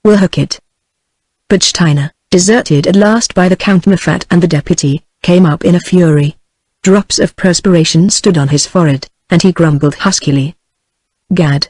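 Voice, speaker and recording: A text-to-speech woman's voice with a British accent, reading a classic novel in an even, measured way. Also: on the low side, no echo. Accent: British English. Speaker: audiobook narrator. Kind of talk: synthetic audiobook narration.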